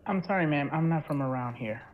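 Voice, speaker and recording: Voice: mid-range voice, lively intonation, fairly quick, phone-quality sound, natural voice. A player voicing a polite, out-of-town male adventurer asking for herbs in a tabletop game. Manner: polite, formal address. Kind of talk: tabletop role-play in character.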